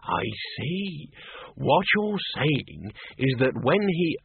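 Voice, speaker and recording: A man's voice: a little high, sing-song, slow pace, vocal fry, slightly rough, pitched above the performer's own voice, heavily acted. A man voicing an earnest, tactless male zombie who blurts things out in a storybook reading, on a thin, tinny recording.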